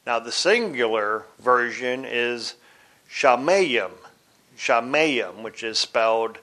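A man teaching from the Bible in a deliberate, explanatory way, spelling out words letter by letter. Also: mid-range voice, expressive, pushed and bright.

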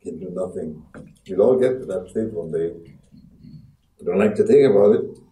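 A man preaching a sermon as pastor, dramatic, acting out quoted voices and swinging from hushed to loud. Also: low voice, normal speed. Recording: echoey room from far off.

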